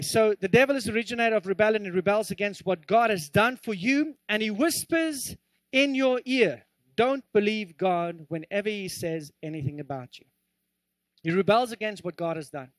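A male pastor preaching an earnest sermon with animated delivery and joking asides. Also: high voice, no room sound. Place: church.

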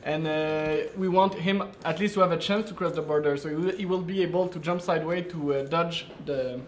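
High-voiced man hosting a design stream. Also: steady tone, fairly quick, roomy sound, a little hiss or hum. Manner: thinks aloud, laughs often. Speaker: game developer and stream host. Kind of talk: live-stream design brainstorming.

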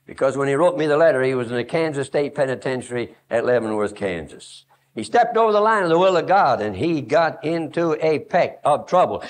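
A man preaches to young people at camp, hammering his points through repetition and story. His voice sits high and rises and falls sharply as he presses each line. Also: big pitch swings, fairly quick. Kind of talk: sermon.

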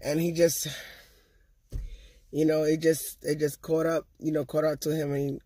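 A woman's voice: low-pitched, level tone, measured pace, dark tone, slightly rough, no echo. A talkative woman hosting her own vlog, chatting casually and directly to her viewers. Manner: chatty, talkative, loves to gab. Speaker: vlogger and channel host.

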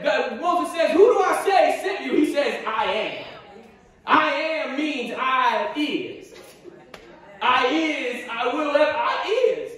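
High-voiced preaching man in echoey church. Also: lively intonation, a little slow, a bit bright, far from the mic. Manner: impassioned preaching with repetitions and call-and-response. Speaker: pastor. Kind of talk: sermon. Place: church sanctuary.

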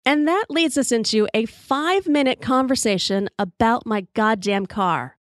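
A woman with a drawl and a fairly high voice tells wry, salty stories to her podcast listeners. Her delivery is loose and conversational. The sound is close and dry, with no room around it. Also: expressive, normal speed, no room sound. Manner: wry, profane, conversational storytelling. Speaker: podcast host. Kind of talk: storytelling monologue while drinking whiskey.

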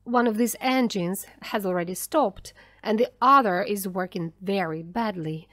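A woman reading a storybook voices a loud, overbearing male ship's captain who pushes his men around. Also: mid-range voice, normal speed, no room sound, clean studio sound, natural voice. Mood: commanding.

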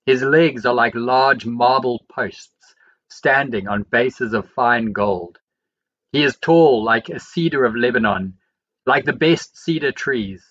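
A man reading the Bible aloud, verse by verse, in a steady and measured way. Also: medium pitch, dull audio. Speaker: Bible reader.

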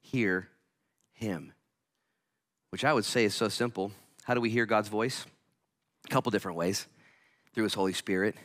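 A male pastor preaching a sermon, swinging from hushed lines to loud, energetic outbursts and acting out voices. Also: fairly low pitch, fairly quick, pauses often. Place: church.

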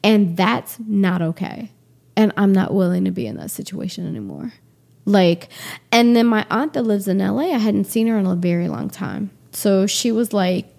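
Woman in her forties, guest, gravelly edge, candid storytelling, acts out quoted back-and-forth. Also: medium pitch, moderate pace. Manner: animated, acts out quoted exchanges with laughs.

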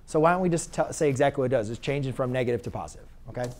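This math lecturer talks very fast in a mid-range voice with a darkish tone. He teaches conversationally, putting questions to his students and correcting his own slips as he goes.

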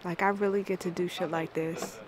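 A woman's voice: fairly low pitch, fairly even intonation, brisk, noisy background. A woman vlogging casually outdoors on a trip, emotional and grateful, swearing now and then. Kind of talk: casual vlog chat.

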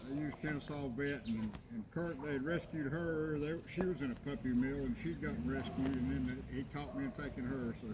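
A man's voice: medium pitch, fairly even intonation, a little fast, few pauses, background noise. A man chatting casually outdoors, rambling and calling to his dogs. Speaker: dog owner met on a walk. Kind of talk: casual chat. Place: outdoors on a street.

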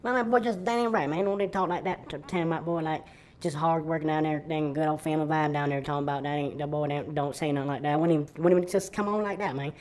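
A man's voice: on the high side, quick pace, darkish tone, close to an everyday voice. A man voicing an indignant, rambling good-old-boy from Texas, who keeps saying "man" and "down there" in a comedic character sketch.

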